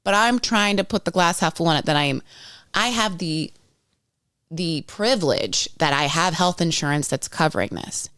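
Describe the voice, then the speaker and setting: Woman in her 30s telling her story straight, low voice, smooth, swears a lot, very dry close sound. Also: animated, moderate pace, fairly bright tone, no room sound. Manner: frank, swears freely, acts out others' lines. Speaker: podcast guest. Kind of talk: candid storytelling chat.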